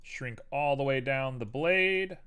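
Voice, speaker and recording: A man's voice: medium pitch, slow, sharp tone, clear, resonant tone. A man hosting a live stream, casually chatting and thinking aloud to viewers as he builds a 3D model.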